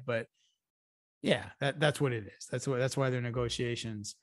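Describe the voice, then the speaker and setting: A man co-hosting a podcast at an average pitch, talking loosely and swearing as he goes. His thoughts stop and restart midway. The sound is dry and close, with no room echo. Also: steady tone, moderate pace. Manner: profane, rambling, with restarts. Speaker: podcast co-host. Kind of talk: casual chat.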